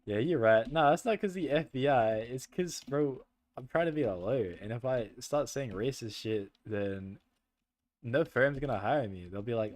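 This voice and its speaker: A man's voice: mid-range voice, normal speed, a little mellow. A young man streaming a horror game, chatting with friends, swearing a lot and laughing nervously.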